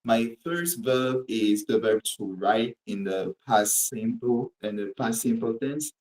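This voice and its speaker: A man speaks as a student presenting his homework to the class. He explains it methodically, one step at a time, with a mid-range pitch. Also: takes it slowly, darkish tone, poor audio.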